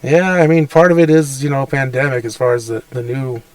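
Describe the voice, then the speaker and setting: A man co-hosting a podcast in casual chat, speaking haltingly with many hesitations. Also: medium pitch, darkish tone, smooth, no room sound, recorded from a distance. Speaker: podcast co-host.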